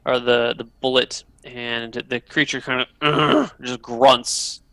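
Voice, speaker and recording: A man's voice: mid-range voice, fairly even intonation, slow pace, gravelly, bright, forceful tone, no echo, rough recording. A man narrating as dungeon master, patiently explaining rules step by step. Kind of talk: narrating a tabletop game.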